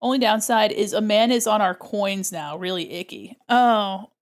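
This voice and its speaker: A woman's voice: mid-range voice, moderate pace. A woman from the United States chatting casually while she draws on stream, joking around and slipping into silly voices.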